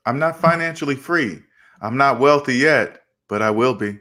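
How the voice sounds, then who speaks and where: A young man hosting a casual livestream about money, animated and acting out both sides of imagined conversations as he answers chat. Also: medium pitch, moderate pace. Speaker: finance channel host.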